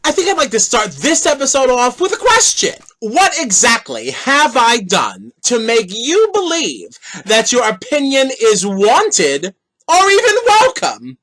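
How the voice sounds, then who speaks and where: A man's voice: extremely high pitch, huge pitch swings, unhurried, bright, forceful tone. A man hosting his own podcast, delivering an opinionated, sassy monologue with whooping exclamations. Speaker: podcast host.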